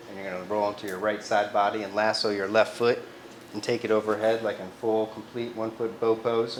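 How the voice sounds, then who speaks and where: A man teaching a live yoga class, giving cues in a casual, loose way and swearing freely. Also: fairly low pitch. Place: yoga studio. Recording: echoey studio, faint ambient noise.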